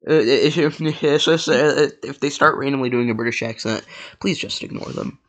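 Commenting on a casual let's play, a man stammers and repeats words. His voice is medium in pitch, a bit bright and moderately paced, and the recording from his home desk is noisy, with clicks and a loud laptop.

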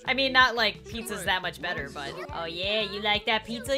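A woman hosting a let's play, commenting in an excitable, playful way with quick reactions. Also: medium pitch. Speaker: gaming channel host. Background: faint game music.

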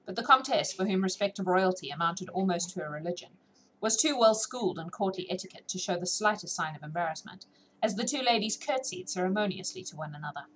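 A woman narrating a classic novel audiobook in a measured, expressive reading. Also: mid-range voice, slight background noise, low-quality recording. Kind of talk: scripted narration.

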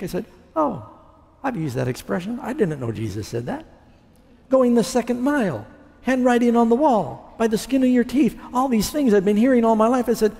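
A man with a high, animated, slightly mellow voice preaches his testimony fairly quickly, a long reverb tail trailing his words. He shares his story while acting out his past remarks.

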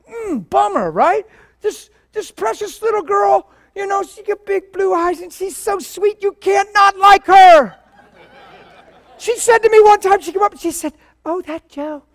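A man preaching a sermon in a church, telling stories in an animated way and swinging from quiet talk to loud bursts. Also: very high voice, unhurried.

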